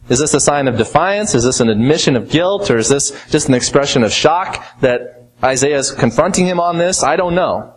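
A man preaching an expository sermon, asking rhetorical questions and moving from emphatic to quiet, slow stresses. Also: medium pitch, rough recording. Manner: teaching, asks rhetorical questions.

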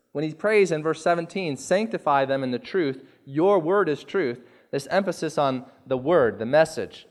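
A man preaching a sermon as pastor, earnest and deliberate, stressing key words. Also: on the high side. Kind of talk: sermon with scripture reading.

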